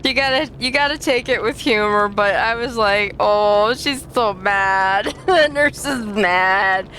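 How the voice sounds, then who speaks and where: A woman streaming a game live and commenting as she plays, excitable and laughing often as she talks to her chat. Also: on the high side, unhurried, slight background noise. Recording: game music playing clearly behind.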